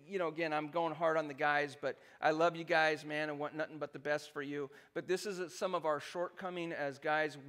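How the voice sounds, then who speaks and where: A man preaching a sermon as pastor, animated and joking, tossing "right?" back to the congregation again and again. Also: sits high. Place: church sanctuary.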